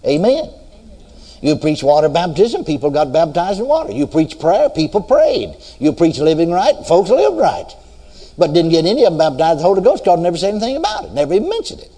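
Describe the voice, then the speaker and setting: A man's voice: fairly high pitch, big pitch swings, a little fast, warm tone, in a large hall. A man preaching a sermon, telling his story and quoting scripture in a swinging preaching cadence.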